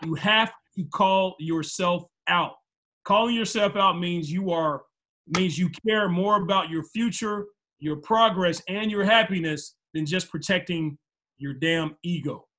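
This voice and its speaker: Man, high-pitched, bright tone, casual talk show host, swears freely. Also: a little slow. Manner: emphatic, profane, loose and joking. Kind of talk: casual podcast chat, reading a list.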